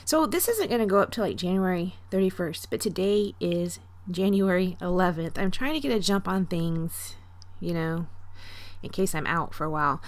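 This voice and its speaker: Low-voiced woman, chatty craft voiceover. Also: animated, normal speed, dry recording. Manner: chatty, self-deprecating, rambling. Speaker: scrapbooking vlogger. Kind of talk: casual voiceover narration.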